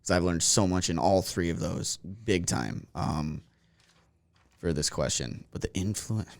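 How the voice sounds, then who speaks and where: A man's voice: low voice, unhurried, gravelly, darkish tone, no echo. A man from Minnesota with a Minnesota accent, chatting candidly as a podcast guest, rambling and self-deprecating. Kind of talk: casual chat.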